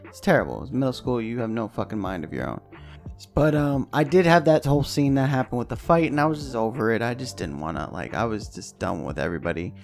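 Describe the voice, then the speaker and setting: A man co-hosting a podcast, telling a profane, animated story in casual chat and acting out the voices. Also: medium pitch, fast talker, creaky, soft background music. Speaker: podcast co-host.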